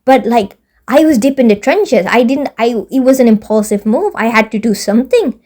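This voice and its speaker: A young woman telling a storytime vlog as an exasperated, profane rant, talking fast and animated. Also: a little high. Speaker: vlogger.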